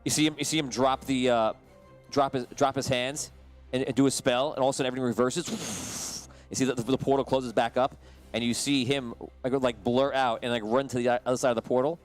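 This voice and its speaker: A man's voice: mid-range voice, fairly even intonation, fairly quick, faint music behind. A man narrating as game master of a tabletop game, talking loosely with many restarts and fillers.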